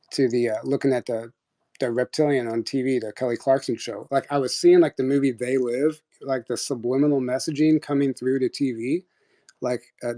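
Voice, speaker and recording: A man's voice: mid-range voice, warm tone. A young man casually telling a personal story on a live audio chat, rambling, full of restarts and quoted dialogue.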